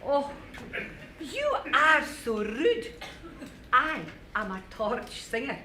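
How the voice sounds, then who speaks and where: A woman's voice: sits high, very animated, slow pace, sharp tone, far from the mic, exaggerated voice. A woman playing the bossy, teasing ghost of an old grandmother, scolding and mocking her grandson in a live stage play. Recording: echoey stage, recorded from afar, faint noise.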